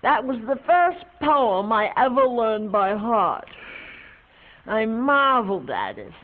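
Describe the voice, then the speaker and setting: An actress playing an older woman reminiscing to her dog, musing and unhurried, with hesitant pauses. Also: fairly high pitch, sing-song. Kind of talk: film monologue. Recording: tinny, phone-like film audio.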